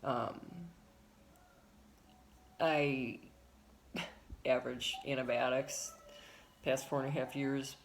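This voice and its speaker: A woman's voice: rumbling low, level tone, takes it slowly, long pauses. A woman talking frankly and at length in a personal vlog, rambling, repeating herself for emphasis, and swearing now and then. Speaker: vlogger.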